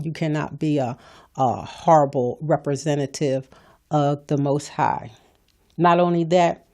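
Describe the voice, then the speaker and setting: Low-voiced preachy woman host. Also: darkish tone. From California. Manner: preachy, emphatic, repeats phrases. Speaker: podcast host. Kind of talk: motivational talk.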